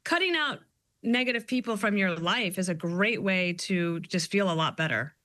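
A woman guest author chats in a casual interview with a bright, clear tone. She tells stories in an animated way and slips into playful quoted voices. Her voice sounds close and dry. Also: mid-range voice, normal speed, no room sound.

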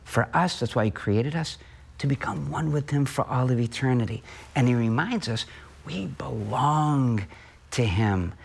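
A man's voice: mid-range voice, expressive, vocal fry, a little mellow, husky. Earnest man preaching a homily. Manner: earnest, with rhetorical questions and emphatic pauses. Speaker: Catholic priest. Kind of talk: homily at Mass.

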